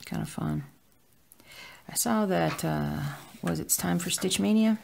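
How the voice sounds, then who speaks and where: Cross-stitch vlogger, casual and rambling, heavy vocal fry, mid pitch, at home. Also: measured pace, a little mellow, slight background noise. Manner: rambling, with filler words. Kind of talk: casual chat while stitching.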